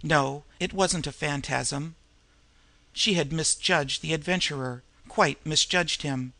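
A man reads a crime novel aloud in a steady, measured way. His voice is gravelly with a bright, sharp edge and sits slightly high. The sound is close and dry. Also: no room sound. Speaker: audiobook narrator. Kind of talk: audiobook narration of a crime novel.

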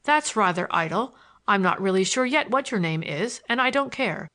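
A woman reading a storybook, voicing a bold young gentleman who talks with confident, teasing assurance. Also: medium pitch, lively intonation, normal speed. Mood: earnest. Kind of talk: audiobook character voice.

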